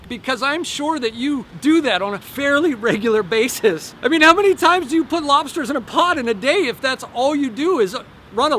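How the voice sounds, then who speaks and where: A man, a life coach, telling an animated, folksy story to camera outdoors and drawing a lesson from it. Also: very high voice. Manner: animated, folksy, with repeated phrases.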